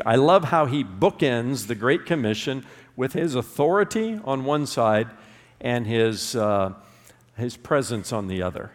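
A man's voice: mid-range voice, animated, a little slow, in a large hall. A man preaching a sermon as pastor, emphatic, drawing his congregation into call-and-response. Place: church sanctuary.

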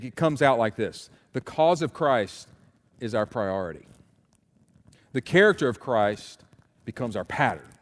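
Emphatic preaching man in a reverberant hall. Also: mid-range voice. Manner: animated, emphatic preaching with repeated refrains. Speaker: pastor. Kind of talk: sermon.

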